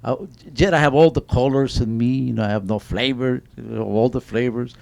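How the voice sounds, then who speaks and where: Little female water drop, marveling, warm, storybook, man doing the voice. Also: medium pitch, fairly quick, creaky, lightly acted. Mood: wondering.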